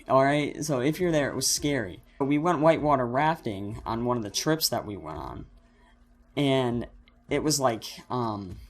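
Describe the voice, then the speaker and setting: Teen boy vlogger, mid-pitched, rambling storyteller over faint music. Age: teens. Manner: rambling, animated, self-correcting storyteller. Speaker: channel host. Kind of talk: casual storytime vlog.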